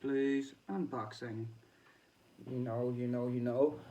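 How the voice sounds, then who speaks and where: A man's voice: mid-range voice, little pitch movement, a little slow, warm tone. A man with a Northern Irish accent, talking in a rambling, chatty way in a casual diary-style vlog and laughing often. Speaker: boxing vlogger. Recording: distant mic with faint background noise.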